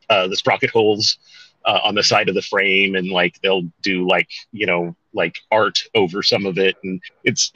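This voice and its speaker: A podcast co-host chats casually, rambling and correcting himself with some mild swearing. His voice is fairly low with a sharp edge, and the dull, dry home-mic recording has no room sound.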